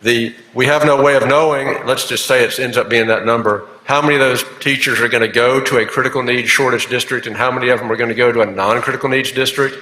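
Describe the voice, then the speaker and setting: A senator walks the chamber through his bill, steady and explanatory, pausing with uh's. His voice is bright. It rings in a large echoing chamber with a long tail. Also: mid-range voice. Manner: measured, explanatory, with frequent fillers. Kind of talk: legislative floor speech. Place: legislative chamber. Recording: echoey chamber with long reverb.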